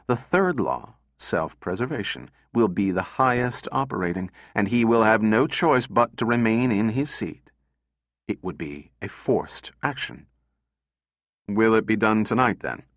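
A man narrating a story in a measured, steady way. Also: on the low side, dry recording, lo-fi sound. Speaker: audiobook narrator. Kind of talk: scripted narration.

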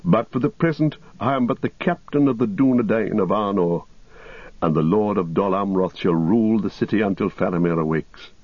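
A man voicing a grave, weary king returned from exile, speaking in a solemn, measured way in a storybook reading. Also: on the low side, no echo, close to an everyday voice. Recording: dull lo-fi recording.

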